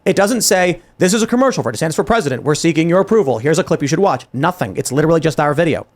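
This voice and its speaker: Guy ranting on his podcast, kinda high voice, keeps restarting and quoting people. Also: very fast. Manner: animated, exasperated, frequent restarts and quoted dialogue. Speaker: podcast host. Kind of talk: heated political commentary.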